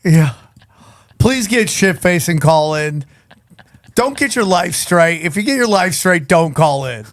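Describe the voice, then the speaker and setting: A man co-hosting a podcast in casual chat, animated and conspiratorial. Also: fairly high pitch, measured pace, dry recording, clean studio sound. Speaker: podcast co-host.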